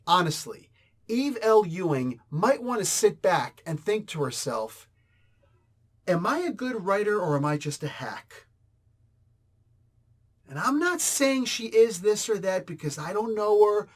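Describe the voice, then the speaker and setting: A man reviewing a comic book in casual commentary, heated and emphatic, often repeating his points. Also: a little high.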